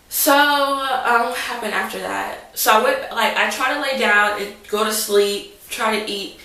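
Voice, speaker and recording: A woman's voice: a little high, normal speed, hardly any pauses, pushed and bright. A young woman telling a story to the camera in a rambling, dramatic way, full of "like". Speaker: vlogger. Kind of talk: casual storytelling. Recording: roomy echo, mic at a distance.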